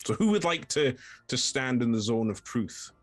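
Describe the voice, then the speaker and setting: A man's voice: medium pitch, animated, no room sound, soft background music. Dry-voiced man narrating as game master. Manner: halting narration with many fillers. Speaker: dungeon master.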